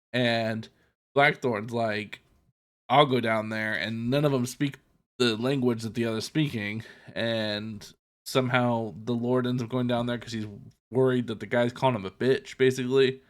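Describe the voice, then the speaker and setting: A man at a middle pitch, chatting casually as a podcast co-host. He walks through the episode scene by scene in a loose, swearing style and drops in quick asides as he goes. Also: steady tone. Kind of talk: casual chat recapping a TV episode.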